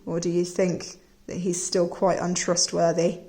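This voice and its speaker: Woman storyteller for children; gentle, musing, asks the listener questions. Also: fairly low pitch, completely flat delivery, unhurried. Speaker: storyteller teacher. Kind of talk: read-aloud story time for children.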